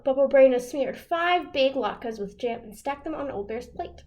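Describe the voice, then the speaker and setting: A librarian reads a picture book aloud to children, her voice high and bright. She rises and falls in wide swings as the story moves along. The sound is a plain video-call recording. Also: normal speed. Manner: expressive, animated storytelling.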